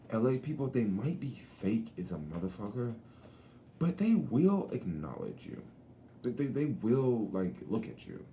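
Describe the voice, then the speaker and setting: Gravelly deep-voiced man. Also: mellow, slight background noise. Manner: laid-back, slangy, swears, laughs often. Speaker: vlogger. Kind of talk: casual rambling chat. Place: outdoors at a beach.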